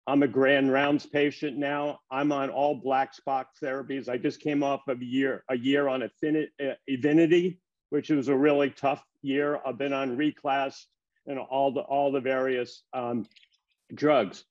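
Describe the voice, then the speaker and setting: A man in his seventies giving a talk, telling personal stories and acting out the dialogue in a lively way. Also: mid-range voice, measured pace. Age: 70s. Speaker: keynote speaker. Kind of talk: storytelling talk. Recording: dull lo-fi sound.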